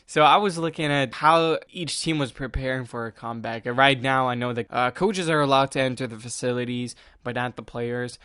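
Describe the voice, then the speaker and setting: Smooth-voiced chatty male podcast host. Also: mid-range voice, fairly quick, few pauses, sharp tone, no echo, clean studio sound. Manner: rambling, chatty, laughs at himself. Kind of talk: casual solo sports podcast chat.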